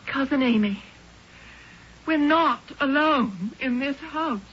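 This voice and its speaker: A frightened spinster cousin. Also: female voice, high voice, slow. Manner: breathless, trembling, pleading. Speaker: actress in radio drama. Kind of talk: 1970s radio drama acting. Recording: dull old radio broadcast with faint hiss.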